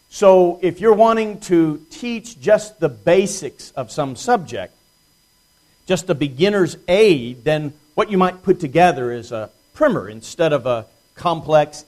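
A male preacher with a slightly high voice teaches an evening Bible study to his congregation. He talks in a plain, unhurried way, slows down to stress key words, and drops in dry, self-deprecating humor. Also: a little mellow. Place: church congregation.

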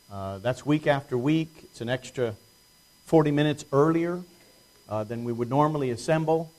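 A man preaching an evening Bible study to his congregation, plainspoken, with dry self-deprecating humor and slow emphasis on key words. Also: medium pitch, darkish tone. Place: church congregation.

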